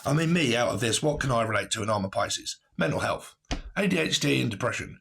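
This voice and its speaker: A man's voice: mid-range voice, very animated, moderate pace, creaky, fairly bright tone, breathy edge. A man giving a casual tarot reading to camera, blunt and rambling, who swears and laughs often. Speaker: tarot reader.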